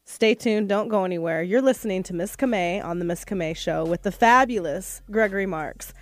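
A woman's voice: medium pitch, brisk. A woman hosting a radio talk show, encouraging her guest with frequent short replies. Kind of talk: radio interview.

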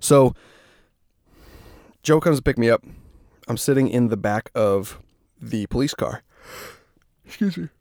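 A man's voice: mid-range voice, animated, unhurried, creaky, pauses often, a little mellow, dry recording. Profane, rambling young man, dry sound. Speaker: podcast host. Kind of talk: casual storytelling monologue.

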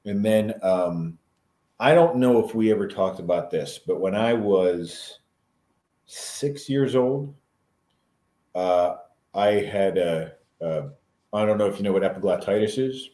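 Low-voiced man, halting and reflective. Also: dark tone, roomy sound. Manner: halting, reflective, frequent restarts and throat clearing. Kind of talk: casual chat.

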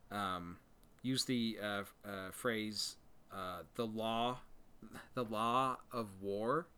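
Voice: medium pitch, fairly bright tone, clean tone. Podcast co-host, hesitant casual talker, mid-range voice. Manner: hesitant, lots of fillers and restarts, laughs easily. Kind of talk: casual chat.

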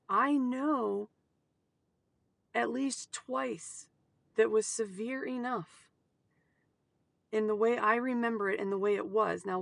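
A woman talks through an emotional personal monologue in a halting way, breaking into sudden outbursts and dropping to soft whispers. Her voice has a gravelly edge. The sound is dry, with no room echo. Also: medium pitch. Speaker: mother sharing personal experience.

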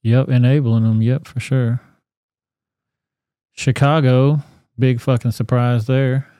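A man hosting a podcast, commenting on a news video in a blunt, profane, animated rant. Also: mid-range voice, slow, no echo, studio quality. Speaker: podcast host.

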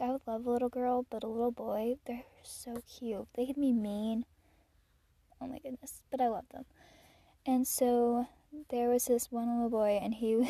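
Gushing teenage girl with a mellow voice. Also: fairly high pitch, dry recording. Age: teens. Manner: chatty and gushing, with frequent "like" and soft laughs. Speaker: podcast host. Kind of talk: casual solo podcast chat.

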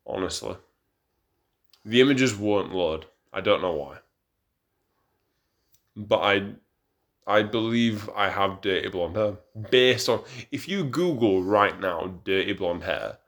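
A young man co-hosts a casual podcast, a little tipsy and rambling. He keeps stumbling over his restarts, and his voice sits somewhat low. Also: a bit bright. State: tipsy from drinking. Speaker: podcast co-host. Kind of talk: casual chat.

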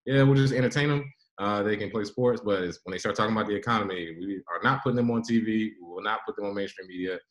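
A man's voice: lowish voice, fast talker, echoey room, low-quality recording. A man, a guest author, explaining his ideas earnestly in a podcast interview.

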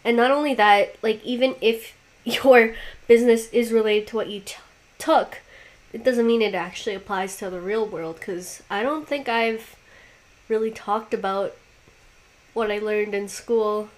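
A woman's voice: on the high side, steady tone, measured pace. A woman in her twenties co-hosting a casual podcast, teasing and laughing easily. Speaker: podcast co-host. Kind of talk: casual chat.

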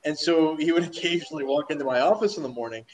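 Man, casual chat; animated storyteller, filler-heavy, laughs easily. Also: a little high, quick pace, rough recording.

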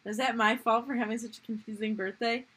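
A young woman co-hosting a podcast, reading a story aloud and chatting in a lively, jokey way. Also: a little high, quick pace, breathy edge. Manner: lively, jokey, laughs often. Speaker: podcast co-host.

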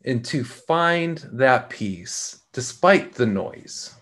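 Slow, measured middle-aged man. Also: medium pitch, animated, fairly bright tone. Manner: slow, measured, pausing often with repeated words. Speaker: podcast host. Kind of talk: reflective spoken talk.

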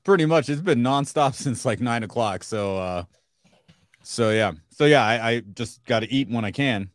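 A man's voice: medium pitch, expressive, moderate pace, no echo. A man co-hosting a podcast in casual chat, laid-back and laughing between phrases. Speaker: podcast co-host.

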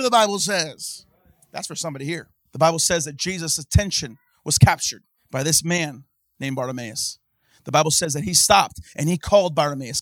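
A man preaching a sermon in church, swinging from hushed talk to impassioned shouting and calling out to the congregation. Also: high-pitched, brisk, no room sound, clean studio sound. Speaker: pastor.

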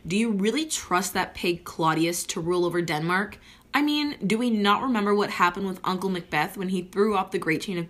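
A sulky teenage prince, snarky and constantly exasperated, talks down to his mother and turns to his viewers like a vlogger, as a woman plays him in a comedy skit. The voice sits fairly low for a woman and stays in her own everyday register. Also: fairly bright tone, natural voice.

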